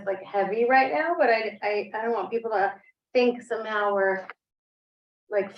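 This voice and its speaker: A woman, vice chair of a city board, speaking candidly and a little rambling. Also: mid-range voice. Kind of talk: public meeting discussion. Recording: roomy, dull, distant mic.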